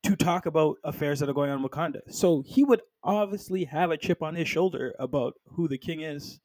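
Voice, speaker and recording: A man co-hosting a podcast, casually talking through a film and slipping into quick impressions of its characters. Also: fairly high pitch, a little mellow, no room sound. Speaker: podcast co-host.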